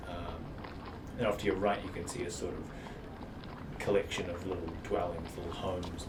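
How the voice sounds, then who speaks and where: A man narrating a tabletop game as game master in a loose, meandering way. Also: low voice. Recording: roomy, far from mic, noisy.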